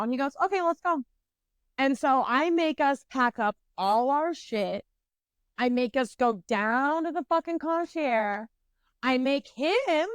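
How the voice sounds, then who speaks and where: A woman's voice: sits high, clear, resonant tone, no room sound. A woman in her twenties, a podcast co-host, casually telling a profane, self-mocking story with rambling fillers and restarts.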